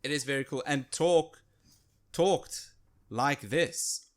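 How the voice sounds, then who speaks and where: A man's voice: on the high side, takes it slowly. A man co-hosting a casual podcast chat, gushing with enthusiasm. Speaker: podcast co-host.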